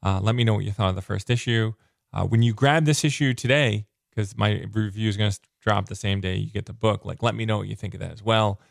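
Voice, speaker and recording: A man reviewing a comic book in a casual, excitable, rambling way, full of filler words. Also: lowish voice, quick pace, gravelly, dry recording, studio quality.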